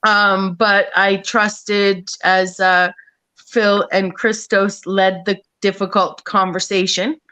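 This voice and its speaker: A woman's voice: medium pitch, little pitch movement, slow, bright, forceful tone, smooth, no room sound, low-quality recording. A woman in casual panel talk on an online stream, rambling with many fillers and restarts and swearing freely.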